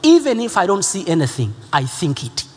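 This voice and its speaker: Preacher, male, husky high voice with big swings; emphatic, repeats lines, builds to shouts, in a long-reverb hall. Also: huge pitch swings, brisk. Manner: emphatic and repetitive, rising to shouts. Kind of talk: sermon.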